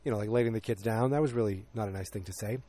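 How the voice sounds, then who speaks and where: A man's voice: on the low side, very fast, warm tone, no echo. A man in his forties casually recapping a TV episode, with lots of fillers and opinionated asides.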